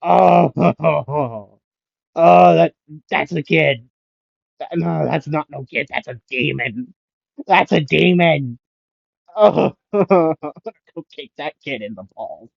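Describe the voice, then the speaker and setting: A man voicing a brash, battered teenage boy hero who talks loud and cocky, in a storytelling fan what-if. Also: fairly high pitch, slow pace, gravelly, long pauses, no echo, lo-fi sound, full character voice. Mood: stunned.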